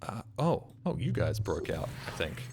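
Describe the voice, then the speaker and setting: Male game streamer, sarcastic, swings between mutters and shouts, lively pitch, noisy mic with clicks. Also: moderate pace. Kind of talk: live gameplay commentary.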